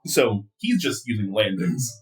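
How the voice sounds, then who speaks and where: A man's voice: lowish voice, measured pace, far from the mic. Man narrating as game master. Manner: relaxed, chatty narration with laughs.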